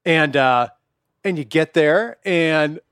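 A man's voice: on the high side, slow pace, fairly bright tone, smooth, no echo, clean studio sound. A middle-aged man co-hosting a podcast, chatting loosely and profanely with frequent laughs. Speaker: podcast co-host. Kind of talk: casual chat.

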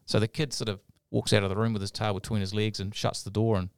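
A man's voice: on the low side, flat delivery, fast, clear, resonant tone, dry recording. A man co-hosting a podcast, telling a story in a rambling, casual way with many fillers. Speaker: podcast co-host.

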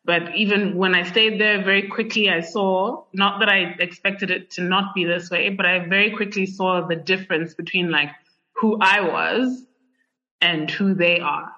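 A bright, forceful young woman from Zimbabwe chats as an interview guest, full of fillers and lively asides. The recording sounds dull and lo-fi. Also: lowish voice, moderate pace. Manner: chatty, many fillers, animated. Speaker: podcast guest. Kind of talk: conversational interview.

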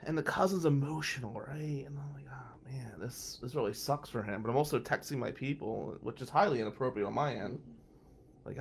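Animated man telling a story. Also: medium pitch, brisk, vocal fry, a little hiss or hum. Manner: animated, swings from hushed asides to loud outbursts. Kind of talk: first-person anecdote.

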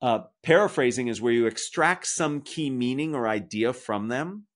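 A man's voice: medium pitch, moderate pace. Man explaining communication methodically. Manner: structured, explanatory, summarizes his points. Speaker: communication author and guest. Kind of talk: podcast interview answer.

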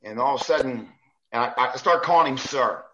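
Bright-voiced man telling lively stories. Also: mid-range voice, moderate pace, lo-fi sound, a little hiss or hum. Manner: lively anecdotes, acts out quoted lines, many restarts. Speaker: basketball referee, guest. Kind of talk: animated storytelling in a podcast chat.

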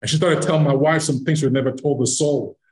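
This fairly high-pitched, quick-talking voice belongs to a middle-aged man from Nigeria who is a guest on a podcast. Animated throughout, he recounts a story from his own life and performs each line of dialogue.

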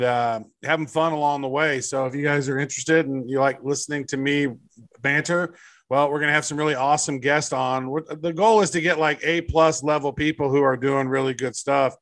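A man's voice: fairly high pitch, fairly even intonation, a little fast, fairly bright tone, no room sound. Easygoing guy rambling on a podcast, crude jokes, dry close sound. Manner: rambling, laid-back, crude humor. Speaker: podcast co-host. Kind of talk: casual podcast chat.

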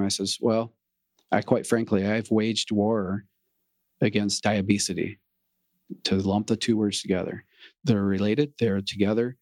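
Middle-aged man, low voice, earnest testimonial, dry close sound. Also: no echo. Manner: earnest, animated storyteller who acts out dialogue. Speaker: program member sharing his story. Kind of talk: personal testimonial.

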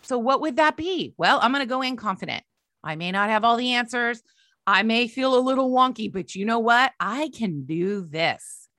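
A woman coach and podcast host giving an animated motivational talk, emphatic and repeating her phrases. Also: a little high, normal speed, no room sound, studio quality.

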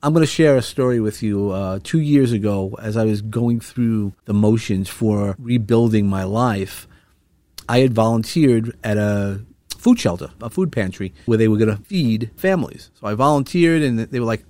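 A man's voice: medium pitch, moderate pace, a little mellow, no echo. A middle-aged man telling a personal story in an earnest, heartfelt way, rambling a little with restarts. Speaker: vlogger sharing a personal story.

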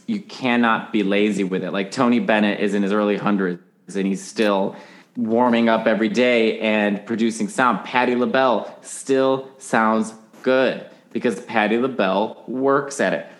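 A man's voice: fairly low pitch, fairly even intonation, moderate pace. A man as a podcast guest in casual chat, animatedly explaining singing technique and breaking into sung examples.

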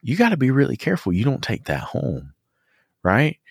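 A man's voice: medium pitch, wildly swooping pitch, normal speed, creaky, slightly rough, no echo, clean studio sound. A man hosting a podcast, telling rambling stories in casual conversation and laughing often.

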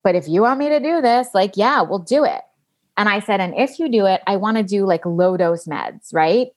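Animated woman in her late thirties. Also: mid-range voice, moderate pace. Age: late 30s. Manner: animated, acts out quoted dialogue, swears casually. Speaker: guest. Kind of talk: candid personal storytelling.

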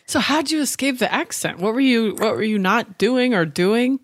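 A woman's voice: a little high, lively intonation, normal speed. A woman from Washington State hosting an interview podcast, asking chatty questions and laughing often. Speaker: podcast host. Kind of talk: casual interview chat.

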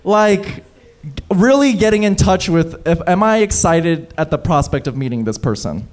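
Man, high voice, lively pitch, self-deprecating, comedian guest, live podcast. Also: normal speed. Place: live stage show.

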